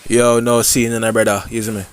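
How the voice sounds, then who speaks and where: A man's voice: medium pitch, level tone, fairly quick, clear, resonant tone, natural voice. A man voicing a chatty, laid-back castaway in a cartoon, in easygoing Jamaican patois. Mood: relaxed.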